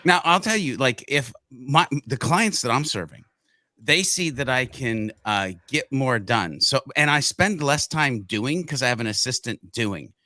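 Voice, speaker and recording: A middle-aged man with a bright, forceful tone, hammering home his points in short, blunt bursts. His voice sounds close and dry, with no room around it. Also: mid-range voice, lively intonation, a little slow, dry recording. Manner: emphatic, punchy, repeats short blunt lines. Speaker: co-host. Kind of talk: podcast discussion.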